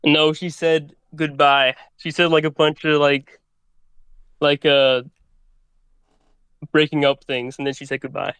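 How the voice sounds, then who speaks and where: Bright, crisp young man, self-deprecating. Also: a little high, little pitch movement, measured pace, pauses often, dry recording. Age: 20s. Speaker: caller. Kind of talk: casual call-in chat.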